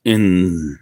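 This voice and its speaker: A man's voice: deep voice, mellow. A man streaming outdoors in the wind, musing aloud in rambling casual chat with viewers. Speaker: livestreamer.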